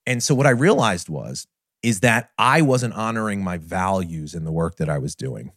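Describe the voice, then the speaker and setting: Middle-aged male podcast host, fairly low voice, earnest and candid storytelling, dry close sound. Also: normal speed, no echo. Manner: earnest, candid, animated retelling. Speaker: podcast host and business trainer. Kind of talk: personal storytelling monologue.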